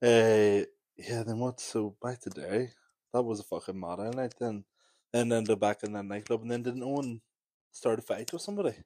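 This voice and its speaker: Young lad, rambly, says like a lot, dry close mic. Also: male voice, fairly low pitch, normal speed, mellow, dry recording. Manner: rambling recollection, many fillers. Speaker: podcast co-host. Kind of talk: casual chat.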